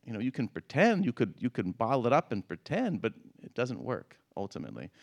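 A middle-aged man talking in a conversational interview, halting and repeating words, with frequent laughs. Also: medium pitch, huge pitch swings, gravelly. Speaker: guest.

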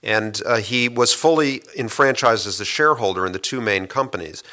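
Brief: low, bright-edged male guest voice; measured, hesitant storyteller in a long interview. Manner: measured storytelling with frequent "uh" and restarts. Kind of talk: long explanatory interview answers.

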